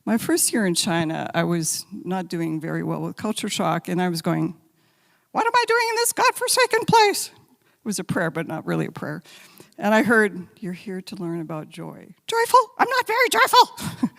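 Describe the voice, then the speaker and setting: A woman giving a spiritual talk as guest speaker, telling stories gently and sometimes dropping to a soft whisper, then leading a guided meditation. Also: lowish voice, gravelly. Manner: gentle, intimate storytelling, drops to soft whispers. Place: large sanctuary. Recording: long hall reverb.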